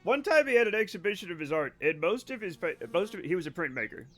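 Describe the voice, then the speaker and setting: A man livestreams a game while telling rambling stories in casual chat, often laughing and correcting himself. His high-pitched, fairly bright voice moves fast with big pitch swings.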